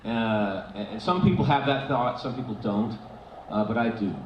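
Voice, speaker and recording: A man answering fan questions on a convention stage, telling lively stories with many restarts and frequent laughs. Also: on the low side, normal speed. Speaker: convention panel guest. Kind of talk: casual stage Q&A storytelling. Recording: echoey hall, dull, noisy fan recording.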